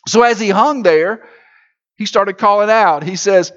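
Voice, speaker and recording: High-voiced preacher in full sermon. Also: male voice, a little slow, fairly bright tone. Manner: rhythmic, repetitive preaching with rising emphasis. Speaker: pastor. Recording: dull lo-fi church recording.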